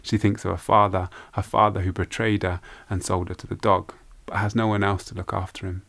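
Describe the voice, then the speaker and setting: A man telling a folk tale aloud in an unhurried, hushed way, with repeated phrases. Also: sits low, flat delivery, vocal fry. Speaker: storyteller. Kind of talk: oral folk-tale storytelling.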